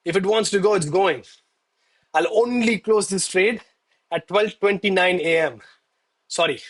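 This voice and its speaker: Breathless, hyped man with a high voice. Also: fairly bright tone. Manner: hyped, exclaiming, addresses chat as bro. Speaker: live-stream trader. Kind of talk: excited live-stream chat. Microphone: headset.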